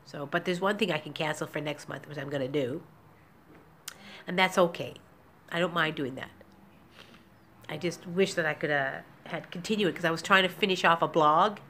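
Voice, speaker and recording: An emotional woman speaks to her camera from a small apartment, rambling and candid, near tears with nervous little laughs. Her voice sits slightly low. A faint room hum is present in the background. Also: moderate pace, pauses often, fairly bright tone. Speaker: vlogger. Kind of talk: emotional personal vlog.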